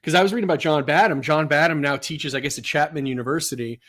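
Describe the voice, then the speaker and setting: A man's voice: a little high, fast talker, a bit bright, no echo, studio quality. A man hosting a podcast, chatting with his guest in a casual, eager way. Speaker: podcast host. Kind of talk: casual interview chat.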